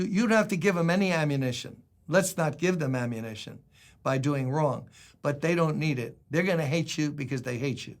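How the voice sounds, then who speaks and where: Older male pastor preaching conversationally. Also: fairly high pitch. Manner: conversational preaching, dramatic voicing of quotes. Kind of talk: sermon devotional.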